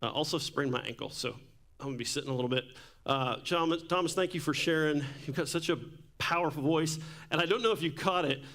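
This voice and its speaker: A man's voice: on the high side, fast, fairly bright tone. A man preaching a sermon on a church microphone, casual and joking as he tells stories. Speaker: pastor. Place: church sanctuary. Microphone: handheld or stage microphone.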